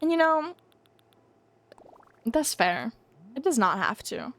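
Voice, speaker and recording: A woman's voice: sits high, sing-song, slow. Rambling young woman streamer. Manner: thinks aloud, rambling, hums and giggles to herself. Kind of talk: casual live-stream chatter while playing.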